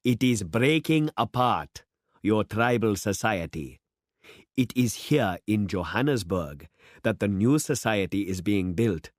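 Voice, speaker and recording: Fervent and animated, a man with a fairly low pitch reads a little slowly in a dry, close storybook recording. He plays a worldly middle-aged city man who boasts and speechifies expansively, his fervor climbing into oratory.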